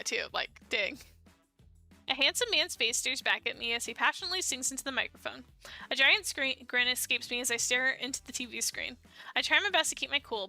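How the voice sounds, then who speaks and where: A young woman streaming a dating sim, reading the story aloud and breaking off with playful asides. Her voice is high and very bright, dry and close, with faint music underneath.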